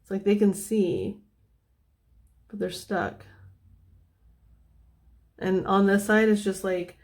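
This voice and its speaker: A woman at an ordinary middle pitch talks through a tarot spread in a loose, meandering way, circling back on her own words as the thoughts come. Her voice stays soft and easygoing and sometimes sinks almost to a whisper. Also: fairly even intonation, slow. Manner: meandering, thinking aloud with many fillers. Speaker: tarot reader. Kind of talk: casual tarot reading.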